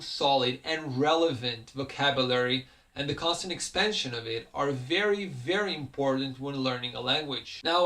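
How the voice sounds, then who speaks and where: A man with a fairly high, bright, forceful voice gives a recorded language lesson. He steps through the vocabulary slowly and methodically, pausing on each item. Hebrew is his first language, and he sounds like a patient teacher. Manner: patient, methodical word-by-word teaching with occasional "uh" fillers. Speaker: Hebrew instructor.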